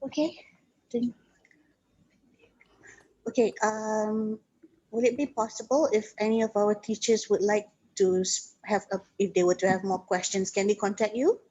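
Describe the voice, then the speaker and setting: A woman hosting an online webinar over a video call, moderating in a polite, brisk way. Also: mid-range voice, steady tone, mellow. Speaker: webinar host. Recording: dull lo-fi video call audio.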